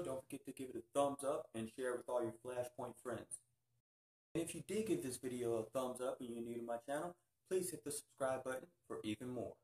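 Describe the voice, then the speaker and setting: Man vlogger, excitable casual reviewer, mid pitch, recorded with roomy echo. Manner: excitable, keeps saying "freaking". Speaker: YouTube reviewer.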